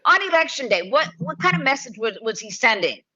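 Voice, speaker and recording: A woman's voice: fairly high pitch, sing-song, a little fast, sharp tone, slightly rough. A woman from San Antonio co-hosting a political podcast, worried and blunt, swearing freely. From San Antonio, Texas. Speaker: podcast co-host. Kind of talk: casual political chat. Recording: slightly dull, lo-fi sound.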